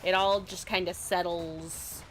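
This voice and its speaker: A woman's voice: fairly low pitch, flat delivery, measured pace, a little hiss or hum. A young woman from California chatting casually on a game stream, a bit stuffy from a recent cold, giggly and rambling. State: slightly stuffy, recovering from a cold. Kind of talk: casual gaming stream chat.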